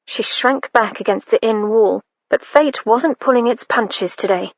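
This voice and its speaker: A woman narrating an audiobook in a measured, steady way, her voice slightly high. The sound is dry and close, with a slightly dull, muffled tone. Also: no room sound. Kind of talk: scripted narration.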